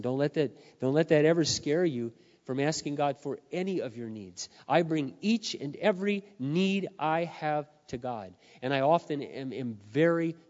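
A middle-aged man preaching a sermon, earnest and confessional, swinging between quiet admissions and loud emphatic peaks, his voice wearing hoarse. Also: medium pitch. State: losing his voice. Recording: muffled sound in a reverberant hall.

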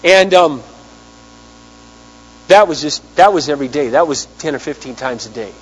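A man preaching a sermon, telling a story in an animated way and acting out the people he quotes. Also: a little high, moderate pace, husky. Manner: animated storyteller, acts out quotes, big swings in loudness. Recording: hum with long hall reverb.

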